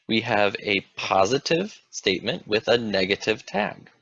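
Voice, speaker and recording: A man's voice: on the low side, big pitch swings, a little slow, creaky, few pauses, a bit bright, breathy edge, dry recording, dull audio. A man teaching an English grammar lesson, explaining patiently and asking the viewer questions.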